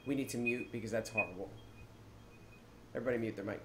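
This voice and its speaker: A man hosts a casual gaming podcast, telling stories with lively acted-out reactions. His mid-pitched voice sits in a roomy, echoey space. A faint ambient hum runs underneath. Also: fast. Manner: animated storytelling, acts out his own reactions. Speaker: podcast host.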